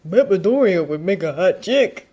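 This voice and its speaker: A woman's voice: lowish voice, lively intonation, moderate pace, warm tone. Woman voicing Mineta, a whiny lecherous teen boy. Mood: leering. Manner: whining, leering. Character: lecherous whiny teenage boy, crude and petty. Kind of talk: fanfiction audiobook reading.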